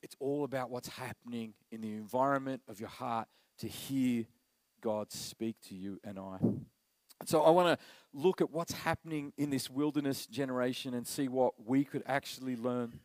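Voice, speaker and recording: A middle-aged man, preaching a sermon as pastor, animated and acting out quoted voices. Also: medium pitch, moderate pace, no echo, poor audio.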